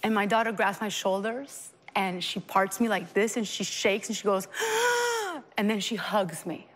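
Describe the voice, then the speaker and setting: A woman guest on an interview show, a mother telling her story in an earnest, animated way and acting out the dialogue. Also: medium pitch, moderate pace, big-room sound. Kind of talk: emotional personal storytelling.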